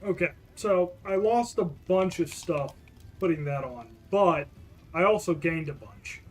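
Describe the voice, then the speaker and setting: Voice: mid-range voice, unhurried. A streamer casually thinking aloud while choosing gear during a game stream, muttering half to themselves. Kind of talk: casual gaming stream commentary.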